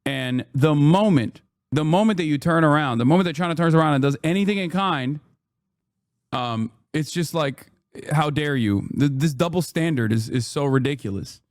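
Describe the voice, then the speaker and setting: A man's voice: a little high, moderate pace, dry recording, clean studio sound. A man in his thirties ranting sarcastically and with profanity as he reacts to news on a live stream. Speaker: political streamer. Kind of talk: casual reaction commentary.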